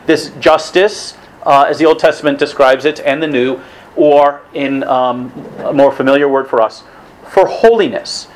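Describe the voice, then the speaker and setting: A man's voice: fairly high pitch, rough recording. A man giving a conversational religious talk to a weekly evening group, casual in tone, with restarts and asides.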